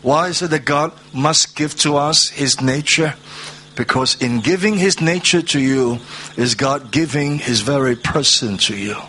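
A man preaching a sermon, reading scripture aloud and stressing words through slow repetition. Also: fairly high pitch, sharp tone, slight background noise. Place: church hall, seated at a low table.

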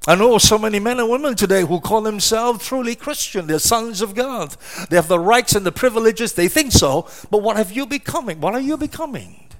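High-voiced preacher delivering a sermon. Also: male voice, lively intonation, brisk, hardly any pauses. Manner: emphatic preaching with rhetorical questions and repeated words. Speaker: pastor.

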